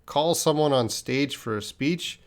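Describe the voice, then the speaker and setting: A man answering viewers' English questions in a live-stream lesson. He explains patiently, with pauses and restarts. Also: fairly high pitch. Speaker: English teacher.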